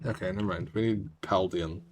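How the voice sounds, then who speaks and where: Low-voiced man rambling over a game. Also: fairly even intonation, a little fast, no room sound. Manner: rambling, wry, talks to chat. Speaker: gaming streamer. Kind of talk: casual gameplay commentary.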